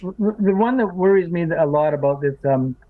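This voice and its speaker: An indignant man speaks as a guest on a podcast, driving his points home with rhetorical questions. His voice sits a little high and comes through a thin, phone-like line with no room sound at all. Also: moderate pace, no room sound. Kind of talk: casual podcast discussion. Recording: tinny phone-like remote call line.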